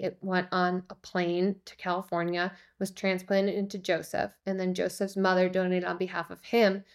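A woman, a podcast guest, telling a personal story in a lively way and acting out the voices of the people in it. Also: mid-range voice. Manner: lively, acts out quoted voices. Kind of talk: conversational storytelling.

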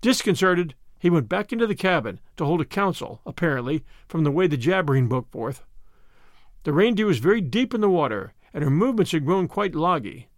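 Expressive male audiobook narrator, dry sound. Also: on the high side, brisk, no echo. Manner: expressive, dramatic reading. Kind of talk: first-person scripted narration.

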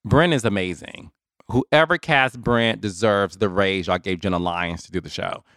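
A man's voice: lowish voice, normal speed, smooth, no echo, studio quality. A man hosting his own podcast, talking casually and animatedly straight to his listeners. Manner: chatty, animated, addresses listeners as y'all. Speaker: podcast host. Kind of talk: casual solo commentary.

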